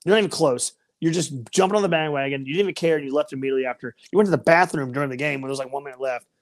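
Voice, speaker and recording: Woman sports podcaster, ranting, mocking, lowish voice, dry close sound. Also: rapid-fire, no room sound. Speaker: podcast co-host. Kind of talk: casual sports chat.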